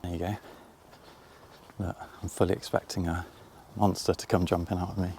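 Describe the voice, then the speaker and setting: A man with a low, gravelly voice chats to the viewer as he walks outdoors, poking fun at himself along the way. He's filming on a handheld camera, with faint outdoor noise behind him. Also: little pitch movement, moderate pace, dark tone. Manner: chatty, self-mocking, addresses viewer directly. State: out of breath while climbing. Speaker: vlogger. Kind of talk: casual vlog walk-and-talk. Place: outdoors, farm fields and coastal path.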